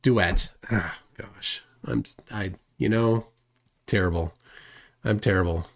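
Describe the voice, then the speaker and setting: A man's voice: low-pitched, takes it slowly. A man hosting a casual livestream, reading viewer comments aloud and rambling with self-deprecating chuckles. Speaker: livestream host.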